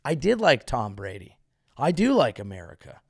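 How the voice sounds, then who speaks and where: A man from California delivering a rambling, sarcastic comedic monologue as host, veering from mumbled asides to loud outbursts. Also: medium pitch, huge pitch swings, moderate pace, gravelly, no room sound, clean studio sound.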